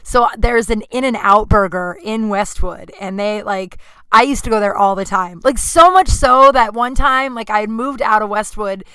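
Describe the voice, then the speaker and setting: A woman's voice: medium pitch, normal speed, a bit bright, smooth, dry recording. Chatty woman rambling through a story. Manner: rambling, full of "like" fillers and self-asides. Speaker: podcast host. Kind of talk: casual storytelling. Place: home apartment.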